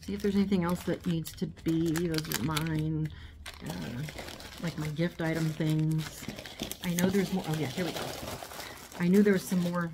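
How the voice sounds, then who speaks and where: A woman vlogger with a low, steady voice talks at normal speed over a noisy background, including crinkling packaging. Recorded on her phone, she chats and rambles while unboxing and displaying a haul of small items at home, handling them as she goes.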